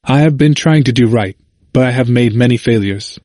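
A man's voice: medium pitch, moderate pace, darkish tone, dry recording, studio quality. A man reading a sermon aloud, earnest and emphatic, pressing the listener with rhetorical questions. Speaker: sermon reader.

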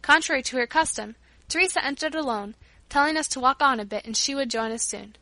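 A woman reads a storybook aloud as audiobook narration, clear and expressive. Her voice is bright and fairly high, and the recording is close and dry. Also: fast talker, no room sound.

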